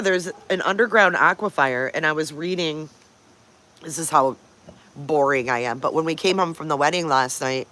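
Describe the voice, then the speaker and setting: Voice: mid-range voice, a bit bright. A livestream host chatting casually over morning coffee, stopping often to greet viewers by name and to coo at pet dogs.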